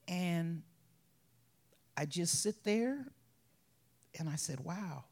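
A woman, a bereaved mother, telling her personal testimony in an emotional way, often sinking to a soft whisper. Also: on the low side, very animated, slow pace, long pauses, slightly rough. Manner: emotional, drops to soft whispers, breaks into laughs.

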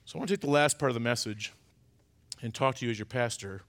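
A middle-aged male pastor preaching a sermon, emphatic, swinging between loud urgent stresses and quiet confiding asides. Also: medium pitch, quick pace. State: choked up.

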